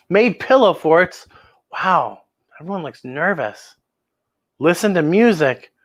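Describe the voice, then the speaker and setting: Exclaiming over the illustrations, a woman hosting children's story time reads a picture book in a lively, expressive way. Her voice is medium-pitched, and the recording's highs are cut off.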